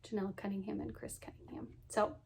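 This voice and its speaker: A woman's voice: medium pitch, level tone, quick pace, vocal fry, a little hiss or hum. Chatty woman vlogging about her stitching. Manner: chatty, lots of ums and so yeahs; cheerful, laughs often. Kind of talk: casual chat to camera.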